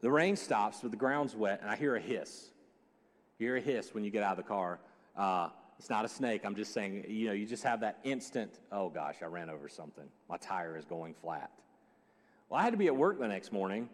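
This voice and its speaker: A man preaching a sermon as a joking, animated storyteller. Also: lowish voice, fairly quick. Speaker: pastor. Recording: long hall reverb.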